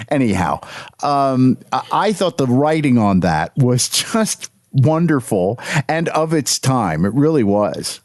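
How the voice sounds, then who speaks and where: Animated man chatting on a podcast. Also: mid-range voice, moderate pace, no echo, studio quality. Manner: animated, self-deprecating, laughs easily. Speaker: podcast co-host. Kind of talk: casual chat.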